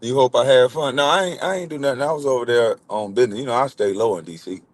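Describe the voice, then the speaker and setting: A man's voice: medium pitch, fast, no room sound. A man, hosting a casual livestream and bantering loosely with chat, swearing and laughing. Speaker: livestream host.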